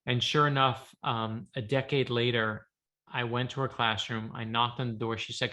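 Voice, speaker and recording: A middle-aged author, a man, chatting as an interview guest and telling lively stories, acting out the voices of the people in them. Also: medium pitch, moderate pace. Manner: animated storyteller, acts out quoted voices. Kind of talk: casual interview chat.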